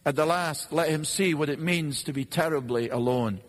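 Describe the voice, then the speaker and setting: A man preaching a sermon in an earnest, measured way, posing rhetorical questions and pausing for effect. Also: on the high side. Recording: long reverb of a large hall.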